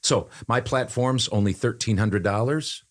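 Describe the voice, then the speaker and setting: A man's voice: medium pitch, a little slow. A man co-hosting a casual podcast, speaking in an upbeat, emphatic way. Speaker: podcast co-host, voice-over artist.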